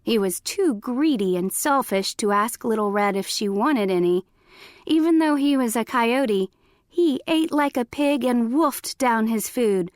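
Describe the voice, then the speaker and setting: A woman reading a children's storybook aloud, clear and expressive. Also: a little high, measured pace, no room sound. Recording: dry close recording.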